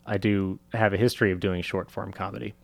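A man chatting casually as a podcast guest about comedy writing, relaxed and halting with frequent restarts. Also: lowish voice, gravelly, no echo. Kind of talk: casual chat.

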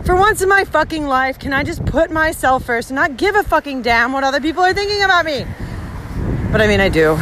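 A woman's voice: high-pitched, very animated, fairly quick. A woman podcast host walking along a village road outdoors, giving an emphatic, heavily profane reflective monologue. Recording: windy outdoor recording with background noise. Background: wind and outdoor ambience.

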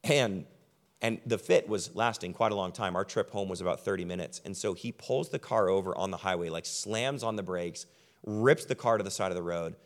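A young man preaching a sermon as pastor. He tells stories in a low, quiet voice, then lifts his voice loud and high to drive a point home. His pace slows down for weight. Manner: shifts from quiet storytelling to loud emphatic preaching.

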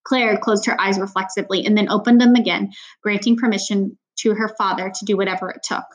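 A woman with a medium-pitched, fairly even voice reads a novel aloud at a fairly quick clip. Her delivery is plain, with occasional casual asides and small slips along the way, as an audiobook reader.

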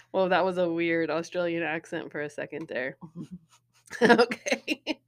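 A woman's voice: fairly low pitch, lively intonation, takes it slowly. A woman co-hosting a podcast, chatting casually through a movie-trivia game and laughing often. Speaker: podcast co-host.

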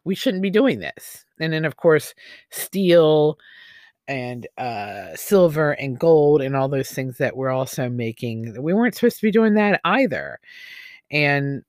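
A man's voice: fairly high pitch, animated, a little slow, a little mellow, no echo, studio quality. A man hosting a podcast, talking in a rambling, opinionated way with many fillers and restarts. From United States. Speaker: podcast host. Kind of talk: casual opinion monologue.

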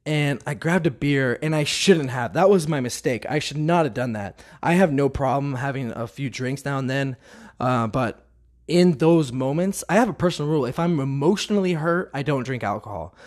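A man telling an earnest, confessional faith testimony, often restarting his sentences. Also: medium pitch.

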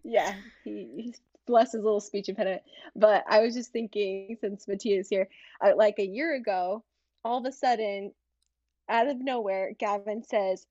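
A woman's voice: medium pitch, steady tone, moderate pace, mellow, no echo. A woman co-hosting a casual podcast chat, giggly and gushing about the kids. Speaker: podcast co-host. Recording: slightly muffled dry audio.

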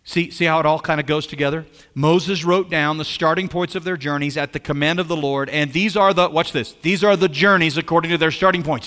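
High, bright-voiced preaching man. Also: brisk, hardly any pauses, in a large hall. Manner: animated preaching, repeats phrases, asks the congregation questions. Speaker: pastor. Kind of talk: sermon.

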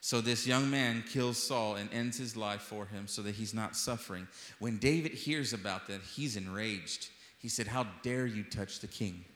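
A man's voice: fairly low pitch, normal speed, few pauses, a bit bright. A man preaching an impassioned sermon as pastor, repeating phrases for emphasis. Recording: echoey hall with long reverb.

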